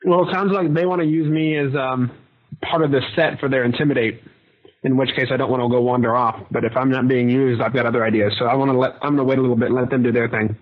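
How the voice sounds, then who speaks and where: A man's voice: mid-range voice, fairly even intonation, quick pace. Man playing a tabletop game, lo-fi. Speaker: player. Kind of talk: casual tabletop play. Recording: dull lo-fi sound.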